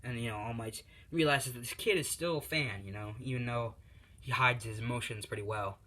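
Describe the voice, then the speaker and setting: A man's voice: medium pitch, a little fast, sharp tone. A young man casually retelling a fan story, rambling with lots of fillers and restarts.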